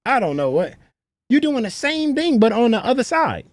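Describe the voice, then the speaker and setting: Woman livestream co-host, blunt scoffing profane retorts, highish voice, dry close mic. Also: big pitch swings, moderate pace, darkish tone, no echo. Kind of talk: reaction livestream banter.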